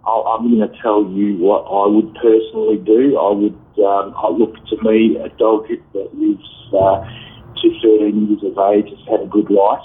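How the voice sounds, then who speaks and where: A man in his fifties calling in, giving frank, blunt advice with many halting fillers. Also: lowish voice, level tone. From Australia. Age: 50s. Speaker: caller. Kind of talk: call-in advice. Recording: tinny phone line.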